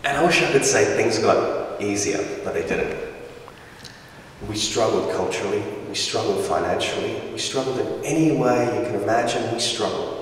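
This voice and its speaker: A young man from Afghanistan giving a lively, humorous storytelling talk as a guest speaker in a school hall, heard through a distant microphone. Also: on the low side, moderate pace, slight background noise. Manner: lively, humorous, acts out voices of people in his stories. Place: large school hall with audience. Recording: roomy echoey hall from far off.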